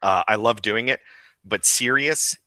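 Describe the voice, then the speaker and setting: A man in his role as voice actor and director talks through his craft in a casual interview. His voice sits very low yet comes across bright and forceful. He is animated and laughs easily, and the close mic keeps the sound dry. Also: measured pace, no echo.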